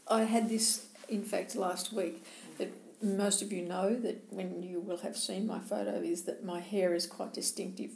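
Sex: woman. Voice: gravelly, warm. Style: candid storytelling in a room with echo. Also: medium pitch, fairly even intonation, moderate pace, few pauses, a little hiss or hum. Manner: candid, self-deprecating storyteller. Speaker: co-host. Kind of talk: casual chat, personal anecdote. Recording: roomy echo.

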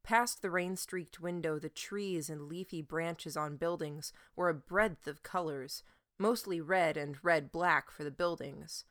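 A woman reading an audiobook chapter aloud in a measured way. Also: deep voice, fairly bright tone. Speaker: audiobook narrator. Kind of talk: audiobook narration.

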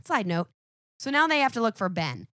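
A woman chatting as a podcast guest, telling a story in a profane, animated way and acting out each character. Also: fairly high pitch, brisk, dry recording, clean studio sound. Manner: animated, profane retelling that acts out every character. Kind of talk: casual podcast chat.

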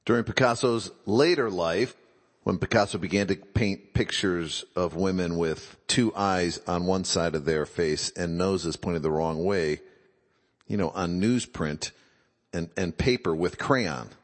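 A man's voice: deep voice, measured pace, big-room sound. A man giving a reflective talk, musing aloud and posing rhetorical questions.

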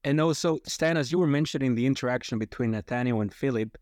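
A man's voice: mid-range voice, fast talker, darkish tone, dry recording, studio quality. Rambling man in a Bible chat. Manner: rambling, restarts often. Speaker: discussion participant. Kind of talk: casual Bible discussion.

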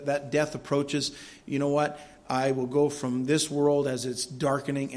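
A man preaching a sermon as pastor of a church, earnest and swelling loud when he reads scripture. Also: mid-range voice.

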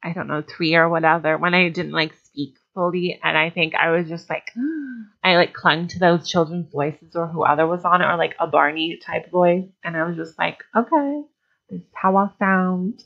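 A woman's voice: on the low side, flat delivery, normal speed, vocal fry, lo-fi sound. A young Irish woman with an American-tinged accent, co-hosting a podcast with blunt, teasing banter. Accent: Irish with an American twang. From Ireland. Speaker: podcast co-host. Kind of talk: casual chat.

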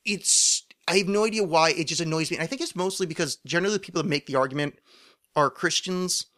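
A man's voice: a little high, fast, a bit bright. A man hosting a solo podcast, rambling in a loose monologue with many fillers, restarts and frequent swearing. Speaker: podcast host.

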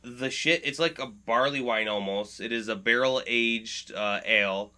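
A man chatting loosely on a podcast with a bright, forward tone. He rambles, swears freely and fills his pauses with "uh." His pitch sits in the middle for a man. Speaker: podcast co-host. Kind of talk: casual chat about beer.

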